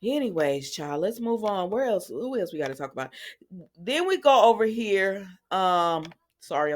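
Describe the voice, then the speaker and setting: A woman's voice: fairly low pitch, slight background noise. A woman hosting a casual soap opera recap, talking straight to her viewers in a chatty, sassy way.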